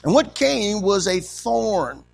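A man's voice: high voice, very animated, slow pace, gravelly, husky. A man preaching a sermon as pastor, asking the congregation questions and punctuating with frequent amens.

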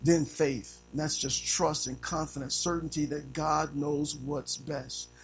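High-voiced preacher, animated. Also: male voice, measured pace, soft background music, poor audio. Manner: animated, call-and-response preaching, acts out little scenes. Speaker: pastor. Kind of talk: sermon.

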